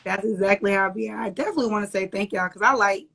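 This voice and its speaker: A young woman talks loose and slangy over a live video call, laughing often as she tells her stories. She speaks from a small corner at home, mid-pitched and easy. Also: racing, vocal fry, fairly bright tone. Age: young adult. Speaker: guest, entrepreneur and mother. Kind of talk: casual interview chat.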